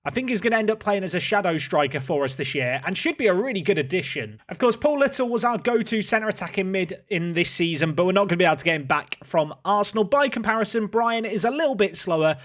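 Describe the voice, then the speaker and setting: A man's voice: sits high, expressive, quick pace, few pauses, fairly bright tone. A man hosting casual gameplay commentary, chatty and thinking aloud as he plays. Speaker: host.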